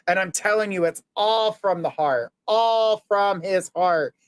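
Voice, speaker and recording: Male psychic medium, slightly high voice, smooth and clear, live reading. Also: a little slow. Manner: earnest, reassuring, relays messages in the first person.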